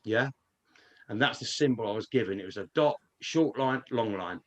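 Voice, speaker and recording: A man's voice: fairly low pitch, animated, moderate pace. A man, rambling through a casual story with frequent swearing and restarts, speaking as a guest on a live online stream.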